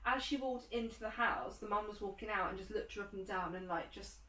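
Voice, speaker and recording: A woman's voice: mid-range voice, fairly quick, slight background noise. A woman co-hosting a podcast, telling stories in casual chat and acting out other people's voices as she goes. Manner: animated storyteller who acts out other people's voices. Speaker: podcast co-host. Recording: roomy, distant from the mic.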